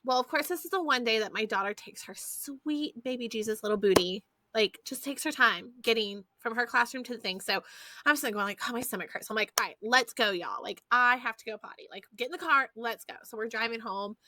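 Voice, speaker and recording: A woman, hosting a podcast and telling stories in a lively, foul-mouthed, chatty way. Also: on the high side, fairly quick. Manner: animated storyteller, swears freely, addresses listeners as y'all. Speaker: podcast host. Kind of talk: casual chat.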